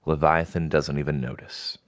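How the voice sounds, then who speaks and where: A man with an extremely low voice talks through a book chapter on a livestream. He keeps it loose and chatty, with the odd casual swear. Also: little pitch movement, moderate pace. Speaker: podcast co-host.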